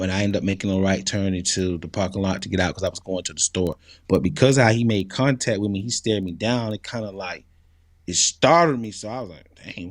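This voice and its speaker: A man speaks in an interview, casual and earnest, often pausing on fillers. His voice sits low. The sound is dry and close. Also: no room sound. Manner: earnest, conversational, many fillers. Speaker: interview guest.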